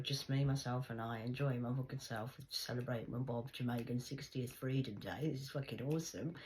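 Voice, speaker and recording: A middle-aged Englishwoman talks straight to camera in a loose, rambling monologue. Her delivery is blunt and salty, full of swearing. She drops into lively put-on voices when she quotes people. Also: a bass voice, a little fast, few pauses, rough recording. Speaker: vlogger. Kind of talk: casual monologue storytelling.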